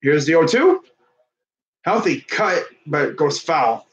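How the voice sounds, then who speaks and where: A young man calls a baseball video game in a loose, chatty way, laughing easily between pitches. His voice sits a little higher than most men's. He breaks off now and then to talk to someone off-mic. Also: big pitch swings, slow, fairly bright tone, rough recording. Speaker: fan commentator. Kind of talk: casual play-by-play of a video game.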